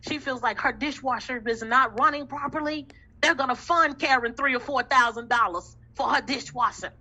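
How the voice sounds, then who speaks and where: A woman's voice: sits high, normal speed, bright, forceful tone, husky, highs cut off. A woman giving an impassioned testimony in a faith discussion, emphatic and repetitive with a preaching cadence. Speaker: group discussion member.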